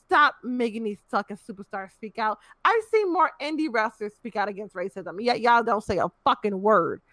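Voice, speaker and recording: A young woman rants in casual conversation, blunt and profane. Her voice is bright and forceful. The recording is close and dry. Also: a little high, lively intonation, moderate pace, no room sound. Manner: blunt, profane, exasperated ranting. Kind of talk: casual ranting chat.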